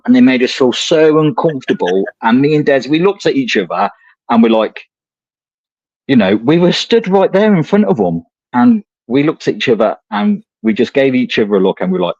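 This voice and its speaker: A man's voice: medium pitch, big pitch swings, normal speed, darkish tone, no room sound, dull audio. A man co-hosting a podcast, telling rambling anecdotes in casual chat and swearing freely. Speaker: podcast co-host. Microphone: remote streaming call.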